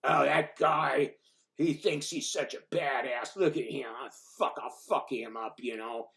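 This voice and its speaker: A man's voice: medium pitch, unhurried, creaky, fairly bright tone. A man doing a small, mouthy drunk. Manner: boastful, mouthing off.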